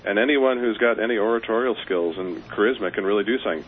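A male caller from Colorado phones in to a radio show, talking fast in a lowish voice. He speaks earnestly and persuasively, with a few fillers, over a tinny telephone line with faint hiss.

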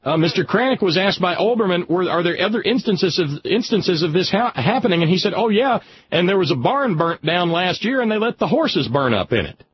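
Raspy, animated man on lo-fi radio. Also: high-pitched, brisk. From Alabama, USA. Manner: impassioned, emphatic ranting. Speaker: radio talk show co-host. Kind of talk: political talk radio. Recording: lo-fi radio broadcast.

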